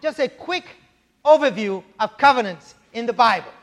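A male pastor with a fairly high voice delivers a sermon in a church sanctuary, and a long hall reverb trails his words. He teaches conversationally, breaking off for asides and checking in with the congregation. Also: expressive, normal speed.

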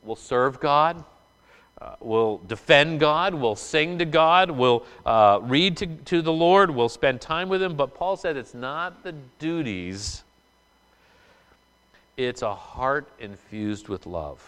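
A man's voice: fairly high pitch, expressive, slow pace, a bit bright, clear, resonant tone. A man who was a pastor for many years, giving a sermon in a conversational way, with many fillers and restarts. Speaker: former pastor, college representative. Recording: hall reverb.

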